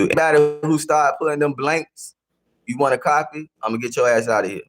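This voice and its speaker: A man hosting a live stream speaks at medium pitch and normal speed in a casual rant. He confrontationally scolds his chat, repeating himself as he goes.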